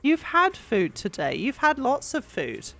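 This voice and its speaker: Giggly English woman, lively high voice. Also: measured pace, soft background music. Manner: bubbly and giggly, rambling with fillers. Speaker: streamer. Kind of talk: casual chat while cleaning.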